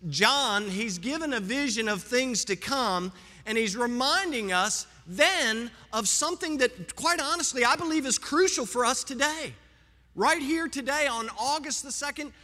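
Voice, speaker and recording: A pastor preaches from the pulpit, his high, bright voice rising and falling with emphatic force. The sound rings out with the long reverb of a church sanctuary. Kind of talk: sermon.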